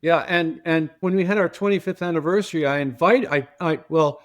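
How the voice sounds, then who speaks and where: An older man tells a story as a podcast guest, lively and animated as he slips into the voices of the people in it. His voice sits a little higher than most men's. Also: brisk. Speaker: guest, transportation company founder. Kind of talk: casual storytelling.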